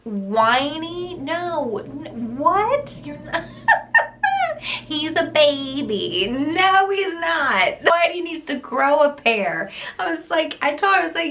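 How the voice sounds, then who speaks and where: Slow-talking woman with a bright voice. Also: high-pitched, very animated. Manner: exasperated, emphatic, often laughing. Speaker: book reviewer. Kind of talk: casual ranting book wrap-up.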